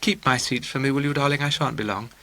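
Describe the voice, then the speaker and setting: A man's voice: medium pitch, steady tone, fast, bright, forceful tone. A man voicing a fussy, clinging young woman who talks in an affected, gushing way. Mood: coy.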